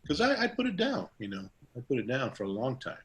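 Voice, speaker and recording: A man's voice: mid-range voice, wildly swooping pitch, fast, a bit bright. Middle-aged male barber guest, casual storyteller, rambling delivery with lots of "you know". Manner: rambling, many fillers and restarts; acts out quoted dialogue in a raised voice.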